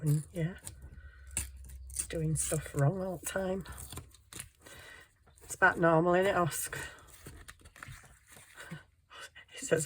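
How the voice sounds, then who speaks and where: A woman's voice: lowish voice, steady tone, takes it slowly, pauses often, slight background noise, low-quality recording. A woman chatting casually while making a junk journal at home, self-deprecating and talking to herself as she works. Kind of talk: casual craft tutorial chat.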